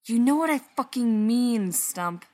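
A woman voicing a sharp-tongued, exasperated young man in a story reading, hissing and cursing. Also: on the high side, animated, measured pace.

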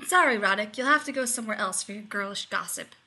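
A woman voicing an indignant, sharp-tongued male scientist who talks loftily and splutters. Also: medium pitch, fast, breathy edge, exaggerated voice. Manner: lofty and spluttering.

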